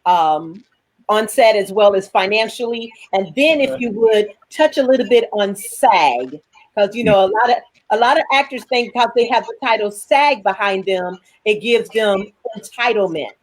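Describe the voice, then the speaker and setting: A woman's voice: mid-range voice, lively intonation, normal speed, low-quality recording. Chatty woman guest, opinionated, stumbles over words, video call. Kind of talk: casual chat.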